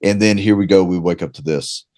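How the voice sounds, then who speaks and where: A man's voice: low-pitched, fairly quick, darkish tone, dry recording, studio quality. A man hosting a podcast, talking directly to his listeners and urging them on. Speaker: podcast host. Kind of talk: casual podcast talk.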